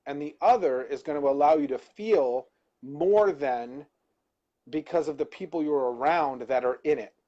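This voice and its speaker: A man's voice: fairly high pitch, moderate pace, mellow, lo-fi sound. A man co-hosting a live-stream talk, reflecting on a personal insight and searching for words as he goes. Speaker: co-host.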